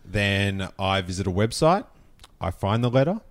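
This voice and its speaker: A man hosting a podcast, chatting casually with dry, deadpan jokes. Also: fairly low pitch, moderate pace, no echo. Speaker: podcast host. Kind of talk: casual comedic chat.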